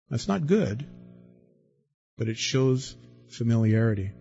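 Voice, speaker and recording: A man preaching a sermon, lively and dramatic, acting out the people he quotes with big swings in his voice. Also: mid-range voice, slow, pauses often, highs cut off, soft background music. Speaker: pastor.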